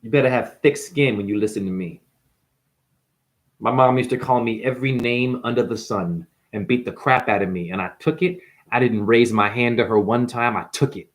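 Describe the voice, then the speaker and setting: A man's voice: mid-range voice, moderate pace. A man giving a confrontational, preachy monologue as a spiritual teacher, calling the listener honey. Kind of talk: ranting monologue.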